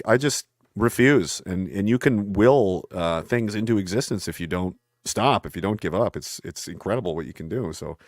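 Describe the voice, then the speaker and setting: Fast-talking intense man, dry close mic. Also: fairly low pitch, no echo. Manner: intense, rambling, quotes voices in his stories. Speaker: podcast guest. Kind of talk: casual conversation.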